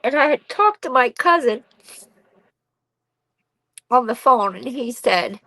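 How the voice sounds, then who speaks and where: A woman's voice: a little high, expressive, slow, fairly bright tone, no room sound, poor audio. Middle-aged woman, guest storyteller, blunt and salty-mouthed, dry close recording. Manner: blunt and raw, swears freely. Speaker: podcast guest, bereaved mother. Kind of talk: candid personal storytelling.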